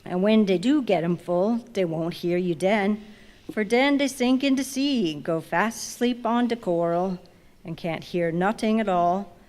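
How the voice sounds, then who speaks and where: A woman voicing an old ship's cook preaching slowly. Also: medium pitch, darkish tone, natural voice. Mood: grumbling. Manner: drawling dialect sermon, slow and emphatic. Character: grumbling ninety-year-old male ship's cook preaching. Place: large museum reading hall. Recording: long reverb in a big hall.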